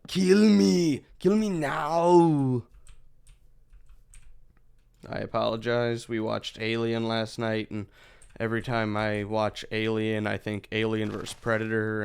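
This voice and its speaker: A man's voice: fairly low pitch, creaky, clean tone. A man in his thirties chatting casually as he streams a game, rambling with profane asides.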